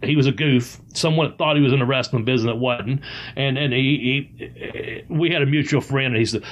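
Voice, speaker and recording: A man, a former pro wrestler, telling stories in a casual, profane, animated way. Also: medium pitch, a little fast. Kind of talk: casual storytelling chat.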